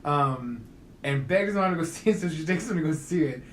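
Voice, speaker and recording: Young male co-host, relaxed storyteller, slightly high voice, roomy sound. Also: fairly quick. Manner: relaxed, loose storytelling with laughs. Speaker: podcast co-host. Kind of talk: casual chat. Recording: echoey room with faint background noise.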